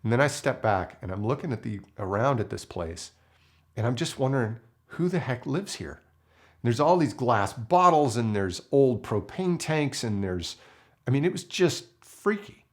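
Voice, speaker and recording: Animated man telling a story. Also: medium pitch, moderate pace. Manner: animated, acts out the people in his story. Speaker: filmmaker. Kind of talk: storytelling to camera.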